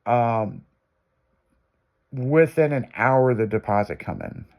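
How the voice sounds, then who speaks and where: A man casually telling a long anecdote, profane and animated, acting out what people said. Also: mid-range voice, takes it slowly, gravelly, highs cut off. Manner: profane, animated, acts out quotes. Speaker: guest storyteller. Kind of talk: casual storytelling.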